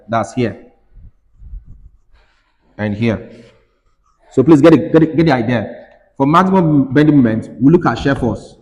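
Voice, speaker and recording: A man's voice: mid-range voice, a little mellow. Man lecturing in a reverberant hall. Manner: repetitive, urging students to listen. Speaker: engineering lecturer. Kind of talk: classroom lecture.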